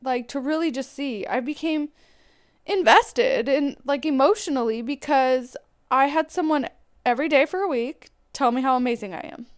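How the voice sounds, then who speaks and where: A woman's voice: sits high, moderate pace. A woman host venting bluntly and profanely about a man who let her down, in a confessional rant. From Irish heritage. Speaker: podcast host.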